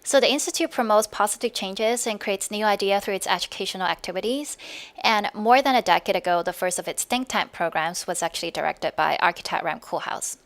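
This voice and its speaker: A woman's voice: medium pitch, a little fast. A woman moderating an online roundtable over a video call, laughing often and reading a panelist's introduction.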